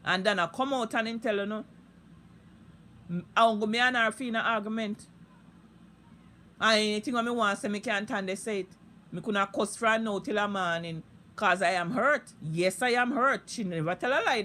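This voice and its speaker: Jamaican woman with a high, piercing voice, ranting live in thick Patois, heated and foul-mouthed. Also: sharp tone. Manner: heated, profane, repetitive ranting. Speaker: social media live streamer. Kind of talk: unscripted live-stream rant.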